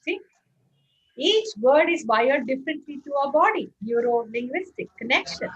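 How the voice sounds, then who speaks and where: A woman's voice: sits high, moderate pace. A woman leading an interactive online workshop, coaxing participants to answer in the chat. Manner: animated, coaxing participants to respond. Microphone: video call. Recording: muffled lo-fi video call audio.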